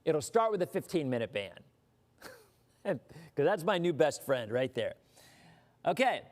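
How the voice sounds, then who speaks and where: Male live-stream weather host, casual rambling chat, lively, somewhat high voice. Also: a little slow. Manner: rambling, animated, mock-indignant asides.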